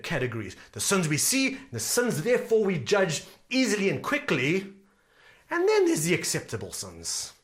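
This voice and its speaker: A man's voice: fairly high pitch, a bit bright. A male pastor preaching a sermon earnestly, repeating key phrases for emphasis.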